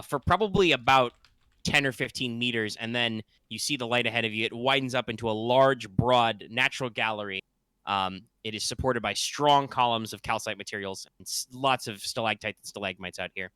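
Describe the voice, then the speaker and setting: A man's voice: mid-range voice, normal speed, bright, forceful tone, clean tone, no echo. A man narrating as game master of a tabletop role-playing game, in a loose, chatty way with fillers and little sound effects.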